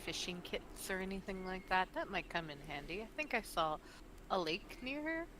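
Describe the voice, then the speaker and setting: A woman's voice: fairly low pitch, expressive, normal speed, background noise. A woman playing a tabletop game in a casual, playful and slightly hesitant way. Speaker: player.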